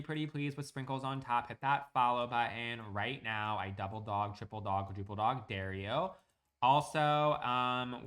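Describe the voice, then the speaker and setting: A man's voice: mid-range voice, fairly bright tone. A young man streaming, chatting casually and rambling with lots of fillers while he plays a building game. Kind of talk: casual live-stream chat while gaming.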